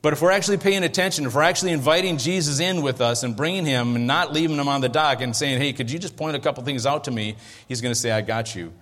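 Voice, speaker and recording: A man's voice: medium pitch, quick pace, hardly any pauses, a bit bright. A man preaching a sermon as pastor, in a conversational way, often checking that his listeners are following. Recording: long hall reverb.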